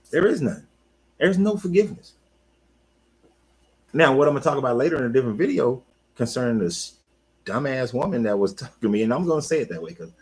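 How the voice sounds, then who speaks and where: A man talking casually on his own, an animated coach who repeats himself and talks back to the listener. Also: medium pitch, slightly rough, rough recording. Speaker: life coach. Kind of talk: casual monologue.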